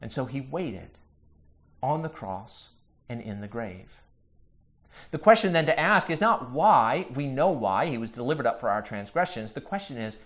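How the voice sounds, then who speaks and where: A man preaching a sermon as pastor, earnest, building to emphatic repeated questions and dropping softly on key phrases. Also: fairly high pitch, animated. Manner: drops to slow, soft emphasis on key phrases.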